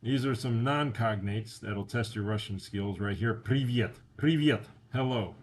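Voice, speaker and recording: A man with a slightly low voice teaches a beginner lesson, speaking very slowly and deliberately. He drills words by repeating them several times. A faint hum sits under his voice. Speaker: language teacher. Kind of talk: slide-based lesson.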